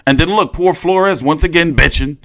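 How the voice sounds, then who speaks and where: A young man reacting to a press conference in casual, profane commentary, often jumping into loud, excited outbursts. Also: on the high side, normal speed. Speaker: boxing commentator.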